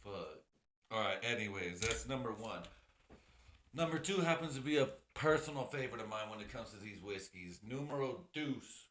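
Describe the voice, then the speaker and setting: Profane, rambling podcast host, male, sipping whiskey, bright tone in a roomy space. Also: fairly low pitch, lively intonation, normal speed. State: drinking whiskey as he talks. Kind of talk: casual solo podcast chat.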